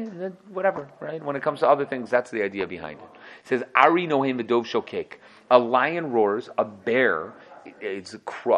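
A man teaching a casual Torah lesson at a quick clip. His voice sits on the low side, and he acts out his students' excuses in different voices and laughs at his own jokes. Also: fairly bright tone. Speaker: yeshiva teacher.

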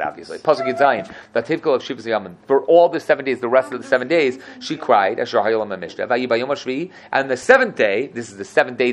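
Guy teaching torah to a class, acts out the quotes, keeps saying right?. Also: medium pitch. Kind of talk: animated classroom Torah lesson.

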